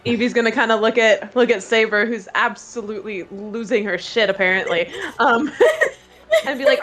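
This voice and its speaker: A woman's voice: fairly high pitch, normal speed, fairly bright tone. A woman playing a tabletop game, reacting with exasperation, swearing and laughter. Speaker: player.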